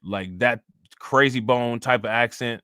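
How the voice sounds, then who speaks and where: A man's voice: mid-range voice, unhurried, pushed and bright, smooth, no echo, clean studio sound. A man from Northeast Ohio with a Northeast Ohio accent, hosting a casual livestream and rambling in loose, profane slang while answering viewers. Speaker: livestream host.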